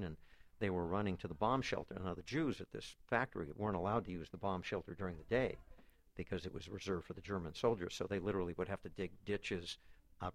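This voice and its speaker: Male author guest, low-ish voice, halting storyteller with many restarts, dry close sound. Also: no room sound. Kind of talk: conversational storytelling interview.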